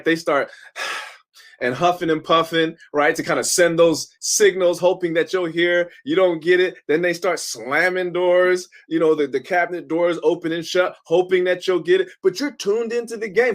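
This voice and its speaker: A man who is a professor giving a lecture in an emphatic, conversational manner, often checking in with his listeners. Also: on the high side.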